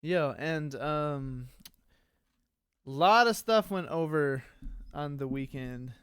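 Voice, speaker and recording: A man's voice: fairly high pitch, expressive, slow pace, fairly bright tone, clear, resonant tone, no room sound, studio quality. A man co-hosting a casual streaming podcast, rambling with many fillers and restarts. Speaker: podcast co-host.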